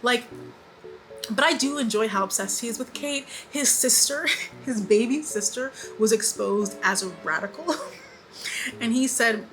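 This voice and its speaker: Bright, animated young woman recapping TV. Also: fairly high pitch, a little slow, soft background music, rough recording. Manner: animated, repeats lines for emphasis, laughs often. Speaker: beauty vlogger. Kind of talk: casual chatty TV recap.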